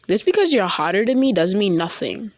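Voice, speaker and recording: A woman's voice: medium pitch, very animated, a little fast. A woman voicing a teasing, ancient goddess mother in a jokey, rambling way.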